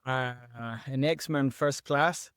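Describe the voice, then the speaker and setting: A man from Argentina with an Argentinian Spanish accent, a native Spanish speaker co-hosting a podcast, talking casually in halting English while searching for words. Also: mid-range voice, steady tone, fairly bright tone, smooth, dry recording, clean studio sound. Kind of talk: casual chat.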